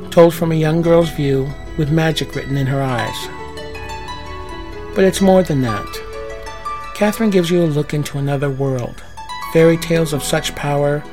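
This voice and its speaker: A male podcast host speaks in a gentle, earnest, scripted way. His voice sits a bit high for a man. Harp music plays clearly beneath him. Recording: harp music playing underneath.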